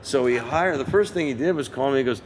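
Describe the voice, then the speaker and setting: A man in his sixties, a session guitarist giving an interview, telling an anecdote with lively energy and acting out other people's lines. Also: medium pitch, fast, a little hiss or hum. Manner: lively raconteur who acts out others' lines. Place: museum interview set.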